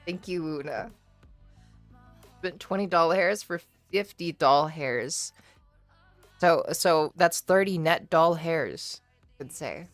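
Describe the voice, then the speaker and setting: A woman livestreaming, chatting casually with her viewers and answering their messages in a relaxed, shy, giggly way with plenty of swearing. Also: sits low, dry recording. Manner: reads and answers chat messages. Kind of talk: casual chat with stream viewers.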